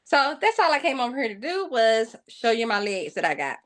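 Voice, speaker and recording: A woman's voice: a little high, sing-song, brisk, few pauses, fairly bright tone. A woman hosting a craft video, talking casually and playfully to her viewers, teasing them with mock drama. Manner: colloquial, addresses viewers as y'all. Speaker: craft channel host. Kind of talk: casual vlog talk.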